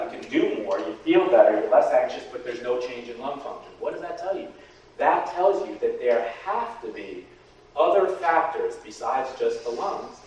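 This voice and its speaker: A man's voice: mid-range voice, highs cut off. Man talking in an echoey room. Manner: animated, repeats "okay?" to the audience. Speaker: guest speaker. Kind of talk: talk to a patient support group. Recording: echoey room, distant mic.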